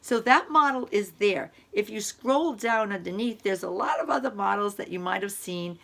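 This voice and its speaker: A woman's voice: mid-range voice, moderate pace, creaky, fairly bright tone. A middle-aged woman, a college instructor, explaining a lesson in a conversational way, with repeated examples. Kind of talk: recorded online lecture.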